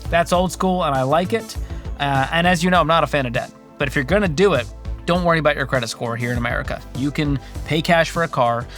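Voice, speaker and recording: A man's voice: a little high, fast talker, a bit bright, faint music behind. Wry, sarcastic male finance host. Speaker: personal finance host reacting to videos. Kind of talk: casual comedic commentary.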